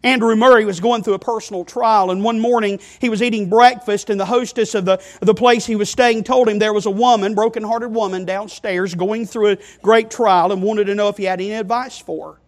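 A man's voice: sits high, steady tone, a little fast, hardly any pauses. A man preaching a sermon, speaking with emphasis, calling his listeners friend and asking them rhetorical questions. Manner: emphatic, addresses listeners as friend and child of God.

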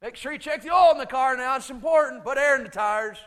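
A man putting on a gruff, barking old father. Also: extremely high pitch, fast talker, a bit bright, pitched above the performer's own voice. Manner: barking short orders. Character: gruff practical older father, curt. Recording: hall reverb.

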